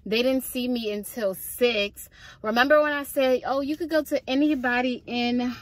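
Young woman, vlogger, frustrated venting, slightly high voice, dry recording. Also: dry recording. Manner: frustrated, venting, animated storytelling. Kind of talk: casual vlog rant.

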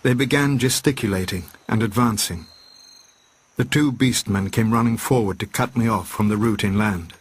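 A man reads a classic novel aloud in a steady, measured way. His voice sits low and carries a husky edge. The delivery is even and unhurried, like a book reading. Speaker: narrator. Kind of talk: audiobook reading.

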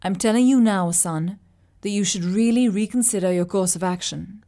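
This is a calm old man from an audiobook, patient and fatherly, talking low and unhurried, as a woman reads him. He stays steady under pressure, at a middle pitch for a woman's voice. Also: lightly acted. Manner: quiet, slow and steady.

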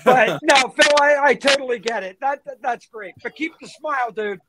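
A man co-hosting a casual chat, loud and joking with plenty of swearing. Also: extremely high pitch, moderate pace, crowd noise, low-quality recording. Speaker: co-host.

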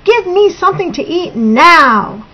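A woman voicing a hungry, rude young male bird with a high, whiny, squawky voice, reading from a storybook, on a dull lo-fi recording. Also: big pitch swings, a little slow, gravelly, breathy edge, exaggerated voice. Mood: frantic, whiny.

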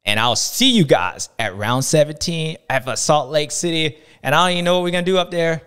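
A man in his thirties with a drawl hosts a racing talk show in a playful, slangy way. His voice is smooth and clear and sits a little high. He keeps leaping up in pitch to act out other people's reactions. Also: fairly quick, fairly bright tone. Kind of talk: animated casual commentary.

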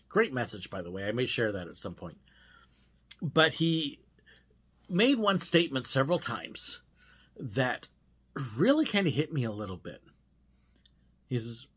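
A man's voice: medium pitch, big pitch swings, moderate pace, a bit bright, breathy edge. A man hosting a devotional podcast, speaking in an earnest, self-searching monologue with frequent hesitations.

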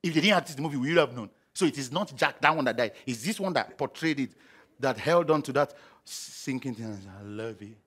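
A middle-aged man preaching a sermon, animated and humorous, acting out scenes with sound effects. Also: medium pitch, a little fast, breathy edge. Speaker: pastor.

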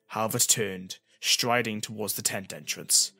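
A male audiobook narrator whose pitch rises and falls in a lively way as he reads. His tone is bright with a slightly husky grain. The dry, close recording has faint music underneath. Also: normal speed, no room sound. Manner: expressive, animated storytelling.

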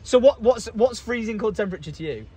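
A man's voice: sits high, quick pace, slightly rough. A man, hosting a casual vlog from a car and joking around with his passengers. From England. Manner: joking and teasing, lively. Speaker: vlogger and host. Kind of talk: casual chat. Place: inside a car in traffic.

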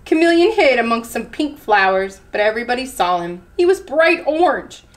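A woman children's librarian hosting story time, reading aloud with animated expression. Her voice is high and swings widely in pitch. She paces the story for young listeners. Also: normal speed.

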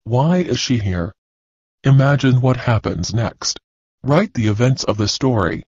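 A man teaching, reading a children's story and class activities aloud slowly and deliberately. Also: medium pitch, expressive, a little mellow, no echo. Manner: slow, deliberate, clear reading. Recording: dull, dry lo-fi recording.

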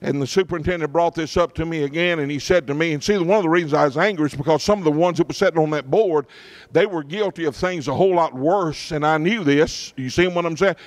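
A man's voice: on the high side, quick pace. A middle-aged pastor tells a personal story in his sermon, often checking in with his congregation.

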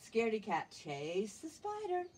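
A woman teacher reading a picture book aloud to young children, gently asking them questions as she goes. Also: on the high side, huge pitch swings, normal speed, noisy background.

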